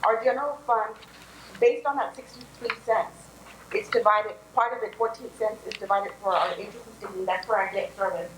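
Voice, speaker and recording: A woman's voice: medium pitch, steady tone, a little fast. A woman presents city finances at a public meeting. Her delivery is friendly and a little joking. She speaks into a podium mic, and the council chamber sounds echoey, with a faint hiss underneath. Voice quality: raspy. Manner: friendly, joking, walks through figures.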